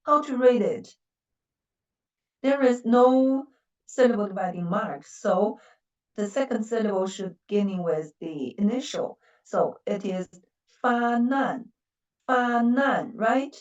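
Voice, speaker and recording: A woman's voice: medium pitch, lively intonation, measured pace, darkish tone, echoey room, far from the mic, highs cut off. A woman with a Chinese accent and Mandarin as her first language, teaching a language lesson patiently and repeating words with stressed syllables.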